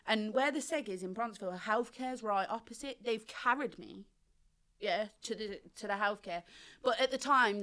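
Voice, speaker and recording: A woman, telling her life story as a guest on an interview show in animated, slangy talk, acting out the people she quotes. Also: mid-range voice. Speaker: podcast guest.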